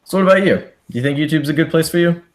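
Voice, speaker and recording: A young man, still a student, hosting a casual interview in a relaxed, hesitant way with lots of ums. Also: on the high side, rapid-fire. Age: young adult. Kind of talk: casual chat.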